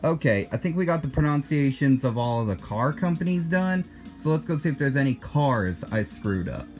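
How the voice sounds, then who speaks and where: A man's voice: medium pitch, lively intonation, moderate pace, darkish tone, soft background music. A man in his twenties with an American accent hosts his own video, talking casually in a blunt, defensive way and correcting himself in asides. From United States. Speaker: channel host.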